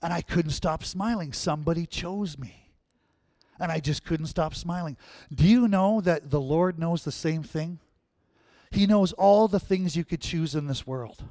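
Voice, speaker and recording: A man's voice: on the high side, a little slow, warm tone, dry recording. A man preaching a sermon as pastor, conversational, checking in with "right?" and "amen?".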